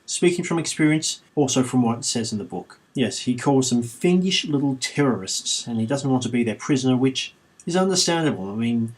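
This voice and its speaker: A man's voice: mid-range voice, expressive, fairly quick. A man reading a children's book aloud with sarcastic, irreverent commentary, swearing freely. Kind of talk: comedic audiobook reading with commentary.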